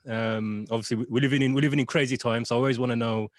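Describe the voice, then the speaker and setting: A man's voice: mid-range voice, fairly even intonation, very fast, dry recording, clean studio sound. A British man hosting a casual interview, chatty and friendly, often repeating "you know what I mean". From United Kingdom. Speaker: podcast host.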